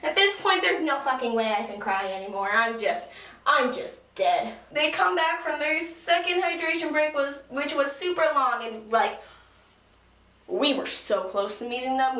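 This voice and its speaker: A teenage girl vlogging in an excitable, gushing way, swearing casually while she tells a story and does her makeup. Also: sits high. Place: small echoey room at a mirror. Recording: echoey room.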